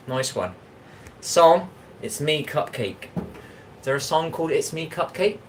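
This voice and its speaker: A man's voice: fairly high pitch, expressive, unhurried, slight background noise, rough recording. Rambling English man chatting while cooking. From England. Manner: rambling, chatty, talks back to chat comments. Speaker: livestream host. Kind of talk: casual livestream chat while cooking.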